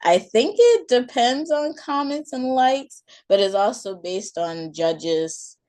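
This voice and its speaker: A woman reading her own short story aloud in a calm, soft manner. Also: a little high, takes it slowly. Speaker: author and storyteller.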